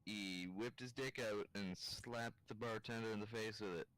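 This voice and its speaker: A man's voice: on the low side, fairly even intonation, moderate pace, fairly bright tone, no echo, rough recording. A tired young man in his bedroom late at night, rambling through improvised crude jokes and cracking up at himself. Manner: giggly, loses it laughing at his own jokes. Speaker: vlogger telling improvised jokes.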